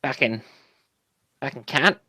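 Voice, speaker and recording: A man's voice: mid-range voice, takes it slowly, pushed and bright, a little hiss or hum. A man from New Zealand with a New Zealand accent, calling in to a casual chat and talking in a rambling, profane way full of fillers. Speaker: caller.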